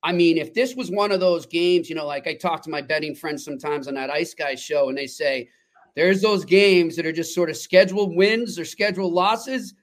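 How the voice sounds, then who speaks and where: A man co-hosting a sports podcast, telling stories in a chatty, lively way. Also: fairly high pitch, normal speed. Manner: chatty storyteller, lively and laughing. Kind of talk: casual sports talk.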